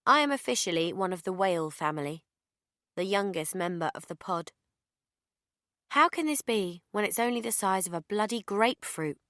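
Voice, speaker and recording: A woman reading a first-person audiobook in a deadpan, sardonic manner. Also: mid-range voice, normal speed, dry recording, studio quality. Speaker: audiobook narrator.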